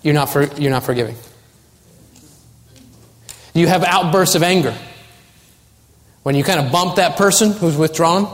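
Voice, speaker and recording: A man's voice: fairly high pitch, normal speed, pauses often. A man preaching a sermon as pastor, earnest and building to urgent warnings. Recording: long hall reverb.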